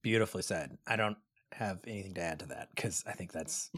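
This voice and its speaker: A man co-hosting a podcast in casual chat, recapping excitedly in rambling sentences. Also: low-pitched, a little fast, husky, no room sound, studio quality. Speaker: podcast co-host.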